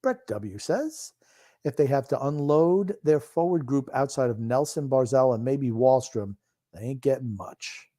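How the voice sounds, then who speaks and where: A man's voice: mid-range voice, lively intonation, unhurried, mellow. An older man co-hosting a sports podcast, grumpy and teasing in casual chat. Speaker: podcast co-host.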